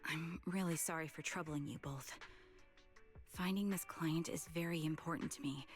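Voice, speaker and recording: An actress voicing an earnest young woman in a video game, speaking in a soft, polite and apologetic way. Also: low voice, moderate pace, faint music behind, natural voice. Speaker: game character.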